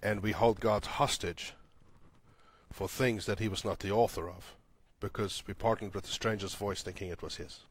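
A man's voice: fairly even intonation, normal speed, breathy edge. Preaching man, rising and falling intensity. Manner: swells louder and higher when building to a point, then drops soft and low; repeats lines for emphasis. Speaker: pastor. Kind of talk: sermon.

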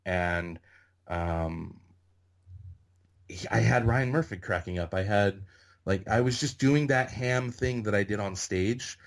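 A middle-aged man from Northern California, a podcast guest telling animated stories and saying "like" constantly. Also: fairly low pitch, slow, creaky. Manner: animated anecdotes, heavy use of "like". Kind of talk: casual storytelling interview.

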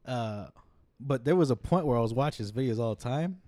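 A man's voice: mid-range voice, animated, a little fast, dark tone, no room sound. Male co-host, mid voice, easygoing casual talk, dry sound. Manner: easygoing, hesitant, laughs often. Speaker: podcast co-host. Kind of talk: casual podcast chat.

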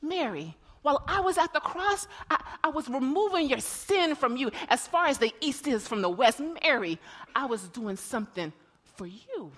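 A woman preacher voicing Jesus in a sermon, speaking softly and tenderly. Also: expressive, normal speed. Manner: soft, low and hushed, tender.

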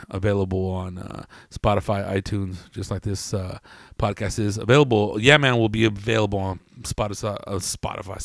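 A man's voice: on the low side, dry recording, clean studio sound. Profane, laid-back man telling stories. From California. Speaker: podcast host. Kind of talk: comedic storytelling.

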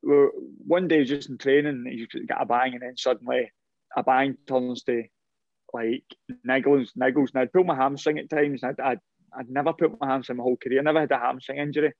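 A man's voice: medium pitch, brisk, no room sound. A middle-aged man recounts his playing days in a loose, rambling way, doubling back on his words as he goes. The sound is dry and close with a slightly muffled, dull top end. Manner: rambling, animated anecdotes with repeated restarts. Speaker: former professional footballer. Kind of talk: casual interview storytelling.

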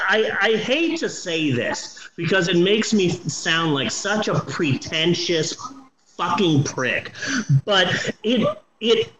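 A man's voice: sits high, reverberant, low-quality recording. A man in his forties casually reviewing a movie on a podcast, swearing often and talking with eager enthusiasm. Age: 40s. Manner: animated, swears a lot, enthusiastic.

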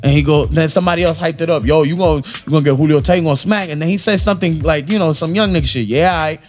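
Animated high-voiced man telling work stories. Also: very fast, faint music behind. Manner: animated, acts out coworkers and customers in rising heated voices. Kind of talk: casual storytelling among friends.

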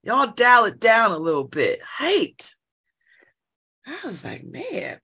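A middle-aged woman chatting casually at home by an open window, laughing often and breaking into animated asides. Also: on the high side, takes it slowly, slightly rough. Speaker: vlogger. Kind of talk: casual monologue.

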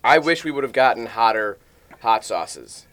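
A man's voice: mid-range voice, animated, moderate pace, a crowd in the background. A man hosting a casual podcast with friends, talking through a hot sauce challenge with groans and coughs. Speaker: podcast host. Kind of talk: casual chat.

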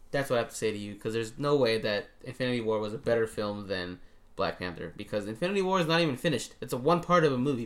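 A man hosting a casual podcast chat, running through nominees in a relaxed way, laughing often and swearing freely. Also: mid-range voice. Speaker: podcast host.

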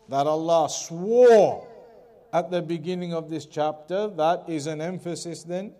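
A man teaching a Quran commentary lesson, reading passages quickly in Arabic, then explaining them slowly in English with repetition. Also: high-pitched, mellow. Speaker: Islamic teacher.

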